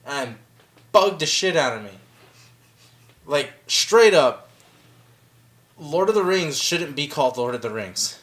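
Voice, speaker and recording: A woman's voice: low voice, lively intonation, slow pace, long pauses, a bit bright. A woman co-hosting a casual podcast, ranting with lots of swearing and acting out characters. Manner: profane, ranting, acts out characters. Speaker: podcast co-host.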